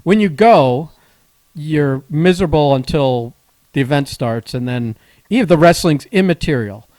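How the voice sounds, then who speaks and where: A man's voice: on the high side, expressive, moderate pace, a little mellow, dry recording. A man co-hosting a podcast, teasing his friend and explaining things at length. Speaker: podcast co-host. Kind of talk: casual podcast chat.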